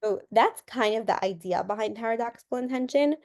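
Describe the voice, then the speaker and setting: A woman's voice: a little high, fairly quick, darkish tone. Woman explaining with everyday examples. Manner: explains through examples, repeats words when restarting. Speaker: guest counselor and coach. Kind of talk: casual interview talk.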